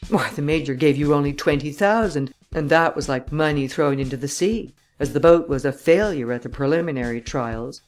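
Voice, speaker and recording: A man reading an audiobook, voicing a calm, commanding gentleman adventurer who talks with a mocking edge. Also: fairly high pitch, normal speed, hardly any pauses, faint music behind, close to an everyday voice.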